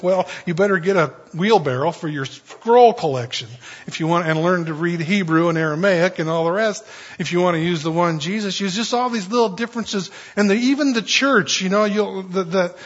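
A man's voice: a little high, breathy edge, lo-fi sound. A man preaching a sermon in a loose, conversational way, rambling with many fillers and restarts. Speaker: pastor.

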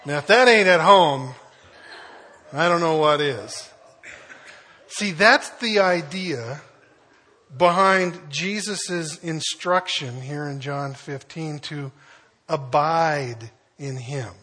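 Husky-voiced pastor preaching in a folksy way. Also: male voice, a little high, slow pace, sharp tone. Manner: folksy storytelling, chuckles as he goes. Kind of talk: conversational sermon.

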